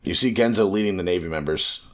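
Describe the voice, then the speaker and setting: A man's voice: sits low, quick pace. A man co-hosting a podcast in casual chat, cursing freely and acting out quoted lines as he retells a story. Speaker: podcast co-host.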